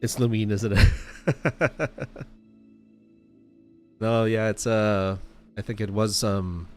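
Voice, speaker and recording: A man's voice: lowish voice, steady tone, slow pace, faint music behind. A man casually commenting over gameplay as a streamer, thinking aloud and chuckling.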